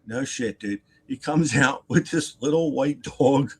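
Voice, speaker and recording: A man's voice: medium pitch, measured pace, slightly rough. A man casually telling a long, rambling story on a live stream. He repeats himself, adds asides and acts out other people's lines. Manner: animated and rambling, with repeated words, asides and laughter.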